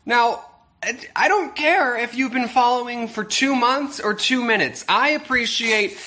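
A man's voice: very high voice, unhurried, bright, forceful tone. A man vlogging as a YouTuber, joking and talking in a mock-sincere way. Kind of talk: casual vlog.

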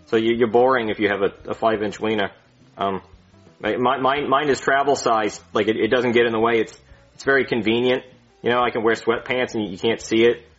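A man's voice: mid-range voice, fairly even intonation, brisk, dull audio, faint music behind, natural voice. A man playing a bumbling, insecure male doctor who stammers and berates himself in a comedy skit. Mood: sheepish. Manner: stammering, swings into self-hating shouting.

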